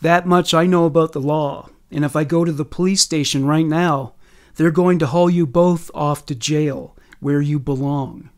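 A defiant eighteen-year-old young woman, read by a man in a spoken true story. She talks in a firm, exasperated way, in a slightly high voice. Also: steady tone, normal speed, close to an everyday voice.

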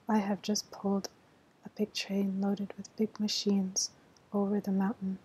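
A woman voicing a proud, boastful male freight engine in a soft whispered role-play bedtime reading. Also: mid-range voice, completely flat delivery, measured pace, husky, poor audio. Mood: haughty. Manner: boastful, indignant.

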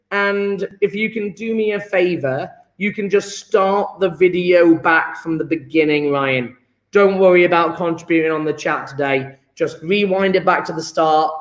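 A man's voice: high-pitched, a bit bright, reverberant. A man teaching a chemistry lesson online, encouraging and upbeat, cracking jokes with his students.

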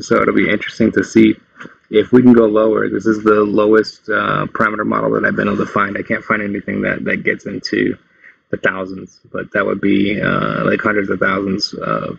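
A man's voice: lowish voice, level tone, moderate pace, creaky, slightly rough, dry recording. A man hosting a casual tech tutorial, explaining things in a loose, meandering way. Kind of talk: casual screen-recorded tutorial. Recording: dull lo-fi dry sound.

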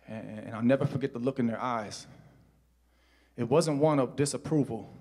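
In a church, a middle-aged pastor delivers a sermon built around a personal story. His mid-range voice moves from quiet, hushed narration to loud, shouted preaching.

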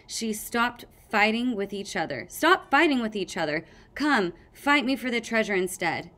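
A woman plays a sturdy young male dragon from a storybook, blunt and earnest, itching for a fight. His lines come out louder and higher than her narration. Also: big pitch swings, moderate pace.

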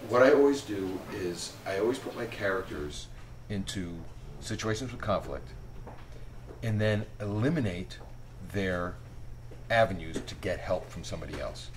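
A man's voice: low-pitched, normal speed, rough recording. A middle-aged man, an author, talking casually in an interview and animatedly acting out small scenes as he tells stories. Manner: animated storyteller who acts out little scenes. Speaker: author interviewed about his books. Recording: faint ambient noise.

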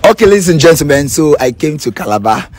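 A man's voice: on the high side, very animated, quick pace, noisy background. A Nigerian man hosting a casual vlog, joking and teasing, slipping into Pidgin. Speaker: vlogger.

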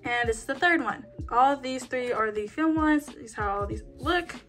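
A young woman chatting excitedly as she unboxes albums, counting down and squealing at each reveal. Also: sits high, normal speed, soft background music. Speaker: K-pop album unboxing vlogger. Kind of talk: excited casual unboxing chat.

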